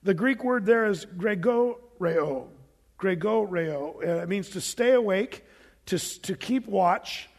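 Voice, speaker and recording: A male pastor preaching a sermon, telling the story in an animated way with asides to the congregation. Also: sits high, a little slow, long reverb tail.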